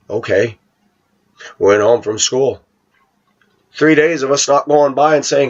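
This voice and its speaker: A man recounting a childhood story in a casual monologue, animated and acting out the voices of others. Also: mid-range voice, a little slow, long pauses, slightly rough. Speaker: vlogger. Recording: dull lo-fi home recording.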